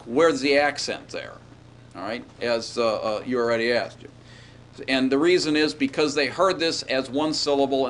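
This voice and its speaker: Guy giving a grammar lecture in a classroom, rambles a bit, keeps asking "all right?", faint hiss behind. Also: mid-range voice. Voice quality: chatty, digressive, checks in with "all right?".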